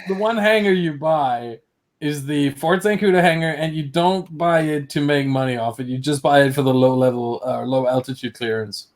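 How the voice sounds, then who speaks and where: A man with a German accent, a native German speaker, chatting on a livestream, careful and slow with his words and often laughing. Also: a little high. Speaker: stream co-host. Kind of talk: casual chat on a livestream.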